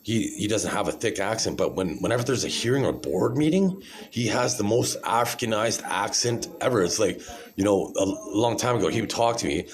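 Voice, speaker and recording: Low-voiced man rambling, "right?" after each point. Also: animated, brisk. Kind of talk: rambling monologue to camera. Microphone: phone.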